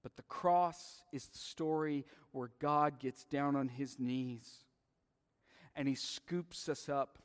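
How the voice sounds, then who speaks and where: A man's voice: medium pitch, fairly even intonation, slow pace, smooth. A man in his thirties preaching a sermon, telling a family story in an earnest, heartfelt way and closing in prayer. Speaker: pastor. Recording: long reverb of a large hall.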